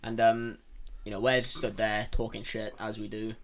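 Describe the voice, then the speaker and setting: A man's voice: on the low side, normal speed. A man co-hosting a casual chat, swearing and acting out quotes as he tells stories. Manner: swearing, animated storytelling with acted-out quotes. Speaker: podcast co-host.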